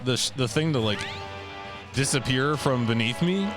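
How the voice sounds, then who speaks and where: A man's voice: medium pitch, expressive, normal speed, music in the background. Chatty young man playing a game. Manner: rambling, many "like" fillers, laughs to himself. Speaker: let's play host. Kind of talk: casual game commentary.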